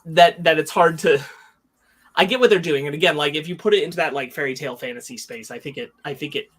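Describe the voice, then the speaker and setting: A man's voice: on the high side, fast, fairly bright tone, husky. A man co-hosting a podcast, discussing a film in a loose, rambling way with lots of fillers. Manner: rambling, many fillers and restarts. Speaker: podcast co-host.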